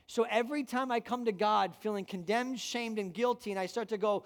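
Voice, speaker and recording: A man's voice: sits high, moderate pace, hardly any pauses. A man pastor preaching a sermon to a room, emphatic and full of rhetorical questions. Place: church room with an audience.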